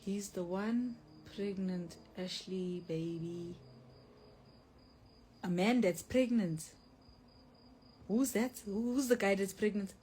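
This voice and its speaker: A woman's voice: mid-range voice, takes it slowly, long pauses, dark tone, husky. A young woman hosting a casual livestream from home, reading viewer comments aloud and answering them bluntly, often saying like. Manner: blunt, self-described mean, says like often. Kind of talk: casual live chat.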